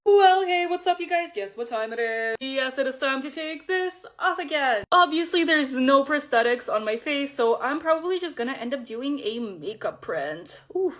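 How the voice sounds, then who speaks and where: Young woman, slightly high voice, chatty, self-mocking, peeling off prosthetics, casual vlog. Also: animated, moderate pace, hardly any pauses, a bit bright. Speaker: makeup vlogger.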